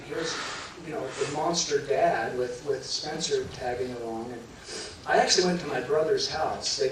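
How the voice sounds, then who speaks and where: A middle-aged man telling an emotional personal story to a live audience, halting and restarting, choking up at times. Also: fairly high pitch. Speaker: guest telling his near-death story. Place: large hall before a live audience. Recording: very echoey hall, voice from far off, clear room noise.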